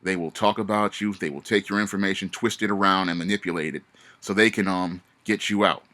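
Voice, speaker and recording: Low-voiced man giving emphatic warnings. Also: steady tone, brisk, bright, forceful tone. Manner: emphatic, repetitive warnings with many restarts. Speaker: vlogger. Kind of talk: casual monologue.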